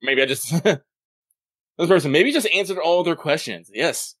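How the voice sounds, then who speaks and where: A man co-hosting a podcast in casual chat, making wry, deadpan jokes. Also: a little slow, dry recording, clean studio sound. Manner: wry, deadpan jokes and lively swings in pitch. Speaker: podcast co-host.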